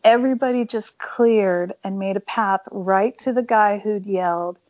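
A woman's voice: medium pitch, darkish tone. Candid woman musician, dull lo-fi audio. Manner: candid and emphatic, many fillers. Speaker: punk band musician, interview guest. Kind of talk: casual storytelling interview.

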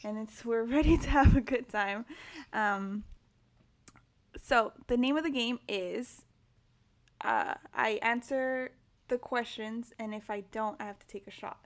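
A young woman hosts a casual podcast, speaking in a slightly high voice. She is blunt and candid and swears constantly, as if chatting with friends at home. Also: a little slow, no room sound. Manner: blunt, heavy cursing, candid. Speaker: podcast host.

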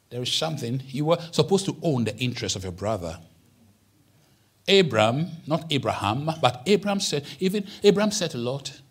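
A man from Ghana preaching a sermon as pastor, dropping into quiet asides and then climbing to high, emphatic peaks. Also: big pitch swings, normal speed, husky. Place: church.

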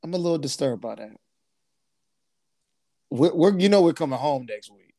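A man's voice: a little high, lively intonation, moderate pace, dark tone, no echo. A man hosting a casual podcast chat, laid-back, repeating his phrases and laughing easily. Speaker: podcast host.

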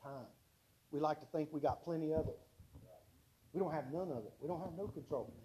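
A high-pitched man preaches a sermon. His tone is mellow and warm, and he tells homespun stories, circling back to repeat key points with emphasis. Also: a little fast, low-quality recording. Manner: folksy storytelling with emphatic repetition.

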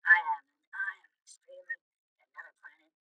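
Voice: medium pitch, fairly even intonation, brisk, sharp tone, no room sound, far from the mic, dull audio. A podcast host talking from a paddle boat on a lake, giggly, goofy and rambling. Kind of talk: casual chat. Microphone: snowball USB microphone.

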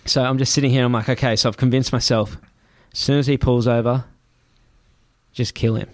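An Australian man with a mid-range voice tells a story in a casual chat, quick and loose, swearing freely and jumping into the voices of the people in it. The sound is dry and close. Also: medium pitch, flat delivery, dry recording. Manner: rapid, swears freely, acts out quotes.

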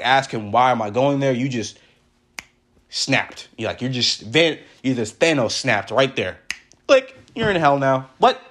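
A man's voice: mid-range voice, a bit bright, breathy edge. A young man hosting a casual solo podcast, rambling in loose slang and laughing often. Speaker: podcast host.

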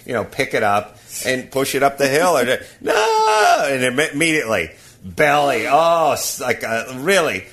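A man's voice: mid-range voice, expressive, normal speed, a bit bright. A man hosting a podcast, ranting and laughing through a casual comic story. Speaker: podcast host.

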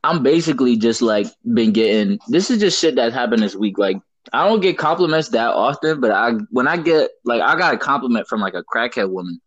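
A young man from Brooklyn, telling animated, slangy stories in casual chat. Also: mid-range voice, a little fast, no echo, dull audio. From Brooklyn, New York. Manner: animated, laughing, slangy storyteller.

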